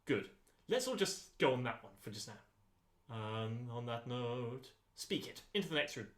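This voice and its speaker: Man, choir voice teacher, unhurried instructing, mid pitch, echoey rehearsal room. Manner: calm, unhurried instructing with frequent ums. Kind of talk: rehearsal voice lesson.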